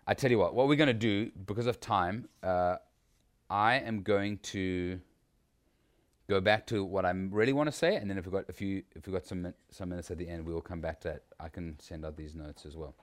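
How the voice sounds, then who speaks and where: Low-voiced man teaching preachers. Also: a little fast. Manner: conversational, with frequent restarts and rhetorical questions. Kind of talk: informal teaching talk.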